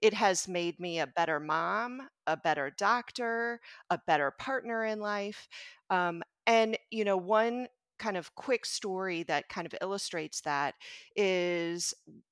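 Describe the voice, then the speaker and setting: Woman, middle-aged, pediatrician guest, reflective storytelling, slow pace, dry recording. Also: mid-range voice, clean tone, no room sound. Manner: reflective, earnest, animated when quoting others. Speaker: podcast guest, pediatrician and life coach. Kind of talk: conversational storytelling.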